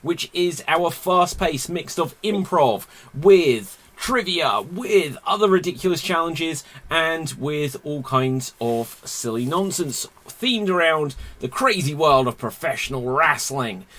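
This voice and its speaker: A man's voice: a little high, animated, fairly bright tone. A man hosting an online comedy game show in a playful, upbeat way over a video call. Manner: playful, quick to laugh.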